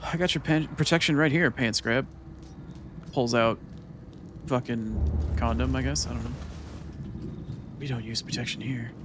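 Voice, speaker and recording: A man's voice: medium pitch, fairly even intonation, unhurried, pauses often, background noise. A man streaming a game from his chair at home, chatting casually with viewers in a loose, profane, rambling and playful way. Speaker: gaming streamer.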